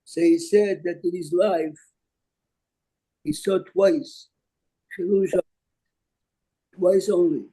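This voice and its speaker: A man's voice: high-pitched, steady tone, slow pace, long pauses, mellow, poor audio. An older man from Jerusalem, a rabbi teaching an online class and telling stories in English sprinkled with Hebrew terms.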